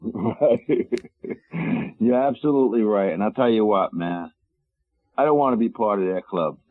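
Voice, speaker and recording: A man's voice: fairly low pitch, expressive, measured pace, no echo. Indignant male caller on a tinny phone line. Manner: emphatic, indignant, rambling. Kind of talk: call-in radio talk.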